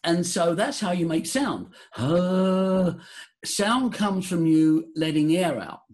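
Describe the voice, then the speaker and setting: A man talking as a voice coach guest in a podcast interview, leading a breathing exercise in a theatrical, animated way. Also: measured pace. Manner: animated, theatrical, jumps high for emphasis.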